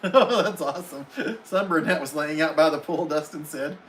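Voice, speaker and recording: Man, live stream host, casual chat, reads viewer comments aloud, friendly replies, slightly high voice. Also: normal speed, fairly bright tone, a little hiss or hum, poor audio.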